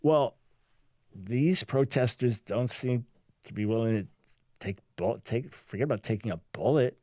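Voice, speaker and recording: A man's voice: mid-range voice, a little slow, mellow, no echo. A man hosting a talk radio show, delivering a sarcastic, mocking monologue in a studio. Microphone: studio microphone.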